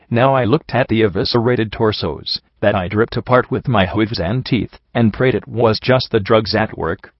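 A man reading a first-person story aloud in a steady, grim way. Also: lowish voice, normal speed, few pauses, dry recording. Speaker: audiobook reader. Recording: dull lo-fi recording.

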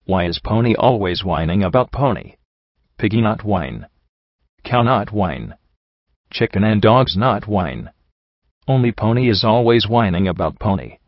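A man's voice: fairly low pitch, expressive, unhurried, dry recording, highs cut off. A man voicing a bitter old male dog chieftain with augmented limbs, growling and grumbling in broken grammar for an audiobook story. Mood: angry.

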